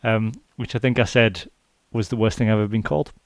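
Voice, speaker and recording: A man's voice: on the low side, fairly even intonation, brisk, no room sound. A Scottish man hosting a rugby podcast in casual chat, reading out listener messages with lots of ums. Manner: chatty, many ums, reads out listener messages. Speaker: podcast host.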